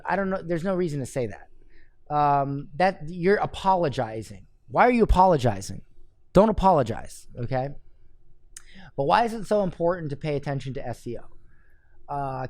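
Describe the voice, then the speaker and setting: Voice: medium pitch, darkish tone, no echo. A marketing coach giving a live, blunt critique of marketing copy, reading drafts aloud and picking them apart.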